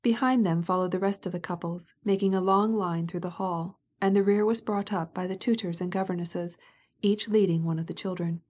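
A woman narrating a classic novel as an audiobook, in a calm, measured, even manner. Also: on the low side.

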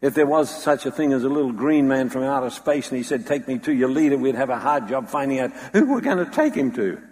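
A man's voice: mid-range voice, expressive, fast, darkish tone. A man preaching a sermon with dramatic storytelling, acting out the voices he quotes. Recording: long hall reverb.

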